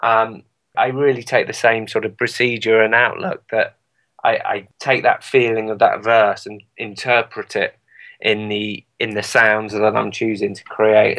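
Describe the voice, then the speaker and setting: A British man talks as an interview guest, rambling and self-deprecating, full of fillers. His voice sits a little low. He keeps it casual and easygoing. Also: level tone, unhurried, fairly bright tone, low-quality recording. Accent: British English. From Britain. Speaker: guest musician.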